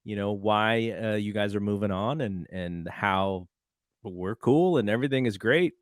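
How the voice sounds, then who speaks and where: A man's voice: fairly low pitch, a little slow, dry recording, clean studio sound. A man hosting a casual podcast chat, friendly and appreciative as he asks his co-host questions.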